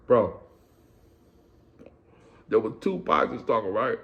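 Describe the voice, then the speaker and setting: A middle-aged man spins a story from his past in a streetwise, profane way. His voice has a gravelly, fried texture, and he sits at an everyday middle pitch. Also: a little fast, highs cut off. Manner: streetwise, profane, animated retelling with quoted voices. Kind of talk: casual storytelling.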